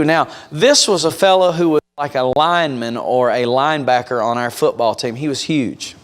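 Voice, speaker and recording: A man's voice: medium pitch, normal speed, hardly any pauses. Emphatic male preacher in a reverberant church. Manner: emphatic, storytelling, direct address to congregation. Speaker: revival preacher. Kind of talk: sermon. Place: church sanctuary.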